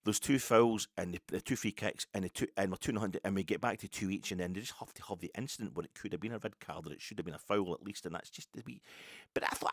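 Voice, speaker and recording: A man's voice: deep voice, quick pace, few pauses, dry recording, studio quality. A middle-aged Scottish man hosting a solo football fan podcast, rambling and swearing as he rants. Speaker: podcast host.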